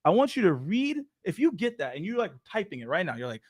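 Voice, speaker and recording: High, lively man hosting a Q&A. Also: fast. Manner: energetic, playful, addresses audience as y'all. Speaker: show host. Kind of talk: live Q&A stream.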